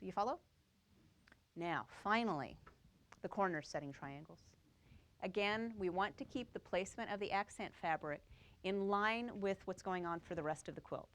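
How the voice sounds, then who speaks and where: A woman teaching a quilting class, explaining each step and checking that the students follow. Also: mid-range voice. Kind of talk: live classroom demonstration.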